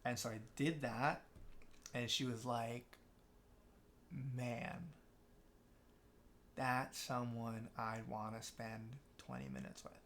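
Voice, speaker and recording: A man's voice: mid-range voice, fairly even intonation, slow pace, long pauses, fairly bright tone, a little hiss or hum. A young man, a podcast guest, telling a long story in casual chat, with many restarts, and acting out what other people said. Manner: rambling, many restarts, acts out quoted people.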